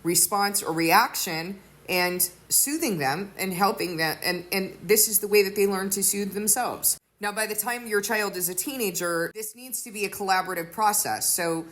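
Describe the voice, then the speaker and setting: A woman's voice: mid-range voice, moderate pace, a bit bright. A woman giving an earnest sermon-style teaching, explaining with everyday examples. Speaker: teacher of a faith community.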